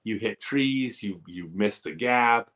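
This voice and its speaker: Candid low-voiced man hosting a live chat. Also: slow pace, a bit bright. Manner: candid, earnest advice-giving. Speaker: live-stream host answering viewer questions. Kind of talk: casual live-stream chat.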